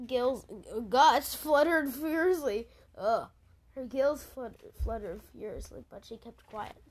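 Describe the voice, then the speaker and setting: A woman's voice: a little high, a little mellow. Casual woman reading a story aloud. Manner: stumbles and restarts words, swearing jokey asides.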